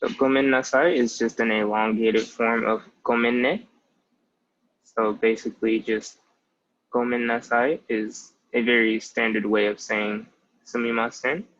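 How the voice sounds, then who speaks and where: Heard through muffled lo-fi audio, a language tutor in his twenties talks in a medium-pitched, level, slightly bright voice, a little on the slow side. He explains a casual lesson step by step and often begins with "so" and "basically."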